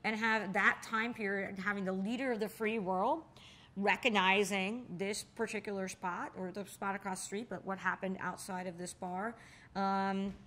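A woman in an oral history interview, telling stories in a lively way and jumping high when she acts out what people said. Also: moderate pace. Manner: animated storyteller, acts out quotes with sudden high exclamations. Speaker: interviewee, bar co-owner and nonprofit founder. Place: in a bar.

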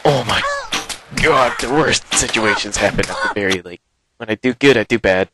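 A man giving live, excitable commentary while playing a game, exclaiming and gasping often, recorded on a headset. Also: lowish voice, moderate pace, very noisy. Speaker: gaming video host.

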